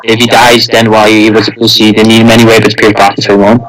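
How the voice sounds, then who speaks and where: A young man chatting on a casual podcast with a bright, forceful voice. He rambles through his ideas and acts out bits of scenes with goofy voices. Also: on the low side, completely flat delivery, very fast, poor audio. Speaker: podcast co-host.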